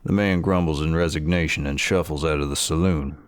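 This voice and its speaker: An actor voicing the game narrator, reading second-person narration in a measured, even manner. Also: male voice, rumbling low, clean tone, no room sound, clean studio sound.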